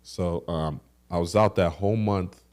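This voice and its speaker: A young man with a fairly low voice co-hosts a casual podcast. He tells stories with lots of energy and throws in sound effects to act out what happened. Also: unhurried. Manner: animated storyteller with sound effects. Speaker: podcast co-host.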